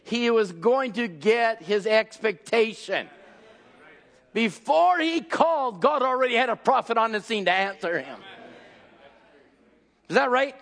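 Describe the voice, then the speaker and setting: A man preaching an impassioned sermon, acting out scenes and shouting at the peaks. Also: extremely high pitch, animated, measured pace.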